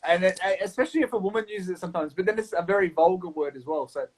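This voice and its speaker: A blunt Australian man with a fairly high voice talks in a loose round table chat. He swears freely and keeps the delivery animated. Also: racing, husky, low-quality recording. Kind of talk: casual chat.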